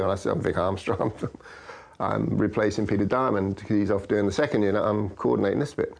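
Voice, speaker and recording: An older man with a low voice tells lively stories from decades of stunt work. He slips into the voices of the people he quotes as he goes. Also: a little fast, creaky. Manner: lively storyteller, acts out quoted dialogue. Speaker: stunt coordinator guest. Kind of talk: anecdotal interview storytelling.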